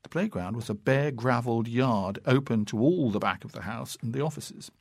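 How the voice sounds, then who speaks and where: A man reading classic fiction aloud in a measured, unhurried and expressive way. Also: medium pitch, creaky, no echo. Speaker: narrator.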